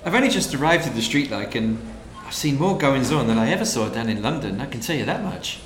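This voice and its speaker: A man's voice: mid-range voice, expressive, fast, a little hiss or hum, lightly acted. A man voicing a breezy, polite middle-aged newcomer in a comedy sketch. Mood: friendly. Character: friendly middle-aged man newly arrived from London. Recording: roomy room sound.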